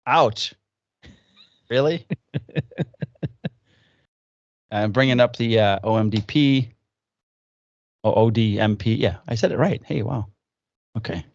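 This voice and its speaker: A man's voice: mid-range voice, slow, gravelly, pauses often, dry recording, dull audio. A man co-hosting a podcast, chatting loosely and swearing through easygoing banter. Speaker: podcast co-host. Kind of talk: casual chat. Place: at home, recording remotely.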